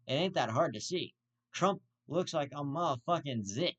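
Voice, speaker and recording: On his own show, a male host rants with a fairly bright, higher-leaning voice, animated and at a moderate pace, though the recording has its highs cut off. He's blunt and foul-mouthed, hammering the same insult over and over.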